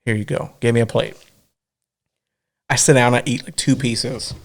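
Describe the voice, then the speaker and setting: A man co-hosting a podcast, telling a story in a crude, animated way, acting out other people's voices and laughing often. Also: medium pitch, moderate pace, creaky. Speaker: podcast co-host. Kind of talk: casual chat, storytelling.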